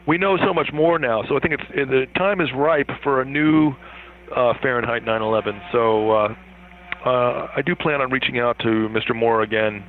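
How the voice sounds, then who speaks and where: A man calls in as a guest and talks in long, rambling, animated stretches. His voice sits at an ordinary middle pitch and comes through a thin, phone-like line with no low end. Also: moderate pace, slight background noise. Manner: animated, rambling, laughs easily. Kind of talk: interview over the phone.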